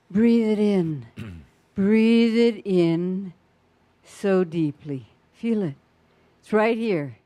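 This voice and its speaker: A woman leading a guided breathing meditation with gentle, soothing, repeated invitations. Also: fairly low pitch, clean tone, no room sound.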